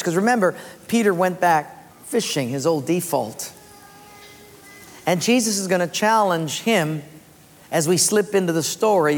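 Preacher telling a story in a reverberant auditorium. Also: medium pitch. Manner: conversational, animated storyteller. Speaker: pastor. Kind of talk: sermon with storytelling. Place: large auditorium. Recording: long reverb in a large auditorium.

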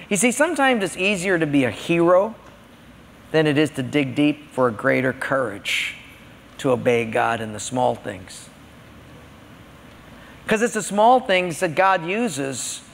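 A man's voice: a little high, vocal fry, fairly bright tone. A man preaching a sermon in a conversational, storytelling way. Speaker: pastor. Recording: long hall reverb.

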